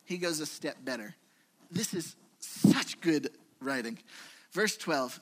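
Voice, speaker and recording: A man's voice: a little high, slow. A man preaching a conversational sermon in a church, telling stories and acting out quotes. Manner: conversational, animated storytelling with acted-out quotes. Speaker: pastor.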